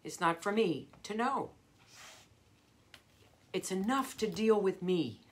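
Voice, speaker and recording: A woman's voice: mid-range voice, lively intonation, slow. A middle-aged woman vocal coach giving a live motivational talk, earnest and emphatic, repeating her key phrases.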